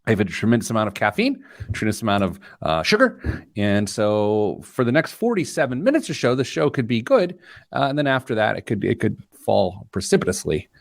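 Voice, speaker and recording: A man's voice: on the low side, a little fast, gravelly, no echo, clean studio sound. A man hosting a podcast, telling stories and joking in casual chat. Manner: jokey, storytelling, animated. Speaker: podcast host.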